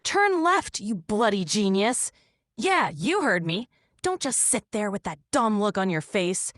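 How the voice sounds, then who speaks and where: A synthetic woman's voice voicing a rude GPS that barks directions and sneers at its driver. The voice is bright and sharp, recorded close and dry. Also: medium pitch, big pitch swings, unhurried, dry recording. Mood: mocking. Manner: bossy, mocking, barking directions. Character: profane, insulting female GPS navigator.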